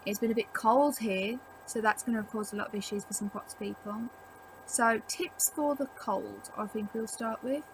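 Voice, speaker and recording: A woman's voice: on the high side, normal speed, a little hiss or hum, rough recording. Chatty young woman vlogging at home. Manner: rambling, chatty, filler-heavy with frequent "like". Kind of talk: casual chat to camera. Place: at home indoors.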